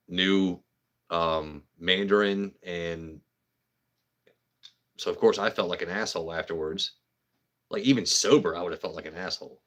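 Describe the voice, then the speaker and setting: A man's voice: deep voice, a bit bright. A man hosting a casual livestream, chatting loosely, swearing and joking with viewers by name. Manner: profane, joking, talks to chat by name. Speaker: livestream host. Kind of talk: casual rambling livestream chat.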